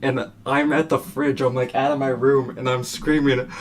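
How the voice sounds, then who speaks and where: Young man, podcast host, casual chat, loose storyteller, mid pitch, noisy recording. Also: level tone, normal speed. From California. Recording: noticeable background noise.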